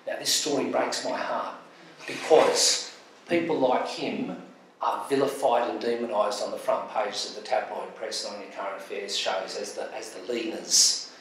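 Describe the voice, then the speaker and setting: A man's voice: on the low side, fairly even intonation, moderate pace, fairly bright tone. A man with an Australian accent speaking on a public panel, impassioned and emphatic, repeating phrases for force. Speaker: panelist, charity advocate. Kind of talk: public panel talk with storytelling. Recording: echoey hall from far off, faint noise.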